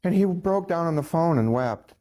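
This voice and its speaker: A man's voice: fairly high pitch, normal speed. Man telling a folksy personal story. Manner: folksy, chuckling, quoting others in lively voices.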